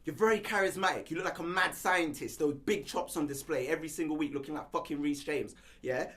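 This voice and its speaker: An exasperated man rants through heated football banter. His voice is high and bright. He talks in bursts and keeps returning to the same complaint. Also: a little fast. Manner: ranting, exasperated. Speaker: panel regular.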